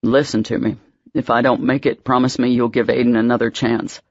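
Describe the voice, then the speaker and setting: A man's voice: little pitch movement, brisk, no room sound, natural voice. Woman voicing an ailing older man, grumbly and weak, in a close, dry, slightly muffled audiobook recording. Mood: weak, pleading. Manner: low, grumbling and wheezing.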